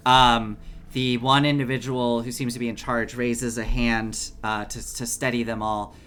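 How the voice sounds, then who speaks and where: A man narrates a tabletop game as game master, improvising scenes on the fly. His voice is bright and forceful at a middling pitch, with a faint hiss behind him. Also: level tone, a little slow. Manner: improvising with fillers.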